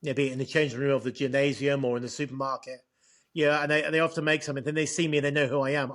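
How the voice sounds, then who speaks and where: English-accented male co-host, slightly high voice, halting chat delivery. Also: steady tone, a bit bright. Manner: halting, repeats words often. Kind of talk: casual chat.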